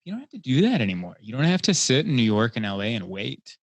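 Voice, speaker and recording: A man from Hungary, a guest comedian in a casual podcast conversation, telling stories in a rambling, chatty way that grows animated. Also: mid-range voice, quick pace, no echo. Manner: chatty storyteller, rambling with fillers, gets animated.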